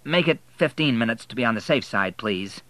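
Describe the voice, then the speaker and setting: A man's voice: mid-range voice, animated, fairly quick, fairly bright tone, no echo, close to an everyday voice. A man voicing a firm, determined young American man who makes clipped demands, in an audiobook reading.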